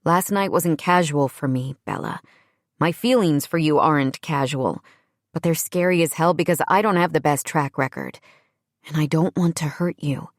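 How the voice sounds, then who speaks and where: A woman voicing a sincere young man speaking softly and tenderly in a romance audiobook. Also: sits low, normal speed, dry recording, studio quality, close to an everyday voice. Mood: remorseful. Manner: soft, sincere, heartfelt.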